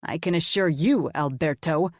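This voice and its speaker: A woman's voice: lowish voice, normal speed, no room sound, studio quality, natural voice. A woman voicing a commanding rich businessman. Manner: authoritative, clipped, demanding. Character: arrogant wealthy businessman, commanding.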